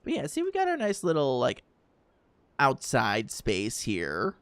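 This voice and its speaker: Male streamer, casual rambling chat with viewers, lively up-and-down voice, dry close mic. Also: medium pitch, unhurried, clean tone, no echo. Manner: chatty, rambling, talks to chat with fillers and laughs.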